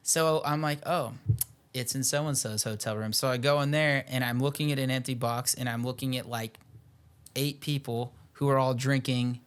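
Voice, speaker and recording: A man's voice: medium pitch, little pitch movement, moderate pace, smooth. A young man co-hosting a podcast, telling a rambling, profane anecdote in casual chat, full of "like" and quoted dialogue. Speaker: podcast co-host.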